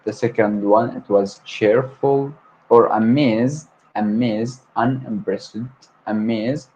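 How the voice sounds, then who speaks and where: Low-voiced guy, arabic native, livestreaming english word practice, keeps repeating words, faint hiss in the background. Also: fairly even intonation, takes it slowly, a little mellow, poor audio. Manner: repeats words over and over, stumbles and corrects himself. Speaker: language learner hosting a livestream. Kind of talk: solo livestream vocabulary practice.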